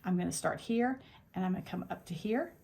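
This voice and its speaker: A woman with a fairly low, mellow voice and vocal fry works through a quilting tutorial at her longarm machine, speaking fairly quickly. She narrates each step plainly and practically, thinking out loud as she works.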